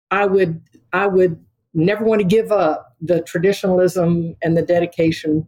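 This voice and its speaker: Enthusiastic older woman, lowish voice. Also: darkish tone, low-quality recording. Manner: enthusiastic, emphatic. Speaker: veterinary dean, podcast guest. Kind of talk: conversational interview.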